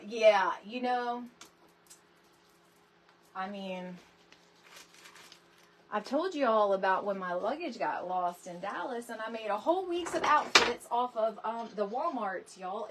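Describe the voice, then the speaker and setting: A middle-aged woman hosting a casual craft tutorial livestream, chatty and animated, greeting viewers by name from her home craft room. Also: medium pitch, slight background noise. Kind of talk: casual live crafting chat.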